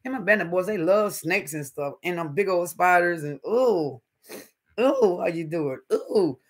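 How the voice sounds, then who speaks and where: A middle-aged man, chatting casually with viewers on his livestream and telling animated stories. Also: high-pitched, measured pace. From North Carolina, US. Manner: animated storyteller, calls viewers honey and baby. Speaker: livestream host. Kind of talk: casual live-stream chat with viewers.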